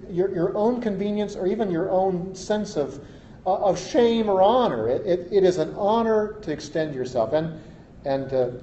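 Warm-voiced pastor preaching in an echoey church. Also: male voice, a little high. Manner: conversational, repeats words, wry humor. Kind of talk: sermon. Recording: echoey, dull, faint hiss.

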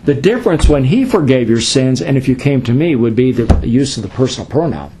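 A man's voice: medium pitch, big pitch swings, brisk, mellow, a little hiss or hum. A middle-aged man, a pastor, teaching a classroom Bible study in a conversational, explanatory way with fillers and asides.

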